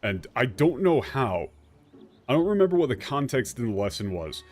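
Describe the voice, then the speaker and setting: A man's voice: mid-range voice, sing-song, moderate pace, soft background music. A man streaming a video game, chatting casually in a rambling way and laughing often. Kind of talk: casual gameplay commentary.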